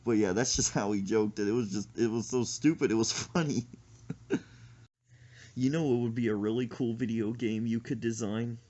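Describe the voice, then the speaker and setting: A man's voice: medium pitch, normal speed. A man co-hosting a podcast in casual chat, telling stories animatedly and laughing often. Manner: animated storytelling with frequent laughter. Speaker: podcast co-host.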